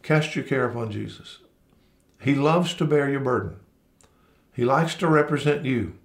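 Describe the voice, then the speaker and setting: A man's voice: mid-range voice, moderate pace, vocal fry. Man preaching a sermon in a roomy hall. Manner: conversational preaching with frequent restarts. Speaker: pastor.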